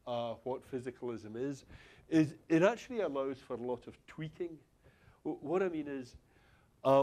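A man's voice: medium pitch, mellow. Joking Scottish man giving a lecture. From Glasgow, Scotland. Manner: loose and joking, with many fillers and restarts. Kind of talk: university lecture. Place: lecture hall.

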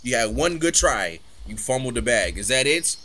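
A man's voice: medium pitch, big pitch swings, moderate pace, bright, forceful tone. A man giving casual commentary while playing a horror game, talking back to the game, swearing and joking through the scares. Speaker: gaming streamer.

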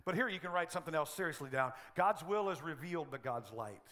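A middle-aged man preaching a sermon as pastor of a church, telling humorous stories in an animated way. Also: fairly high pitch, fast talker.

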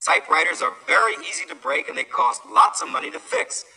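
A man voicing an irritated father who shouts at his young son. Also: a little fast. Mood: exasperated. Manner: shouting, exasperated. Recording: voice from far off the mic.

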